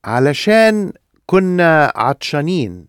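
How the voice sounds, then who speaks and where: A man's voice: on the high side, sing-song, brisk, smooth, dry recording, studio quality. A man with an Egyptian Arabic accent, modelling phrases cleanly for learners in a language class.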